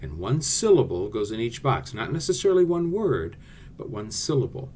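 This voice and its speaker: A man's voice: mid-range voice, big pitch swings, moderate pace, darkish tone, a little hiss or hum. A male theatre teacher giving a friendly class video lesson, explaining directly to his students.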